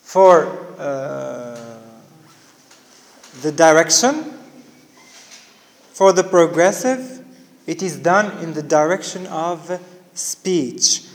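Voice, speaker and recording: A male teacher giving a classroom lecture, explaining step by step and often checking with "okay, guys? clear?". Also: on the high side. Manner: explains slowly step by step, repeating key words. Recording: reverberant room.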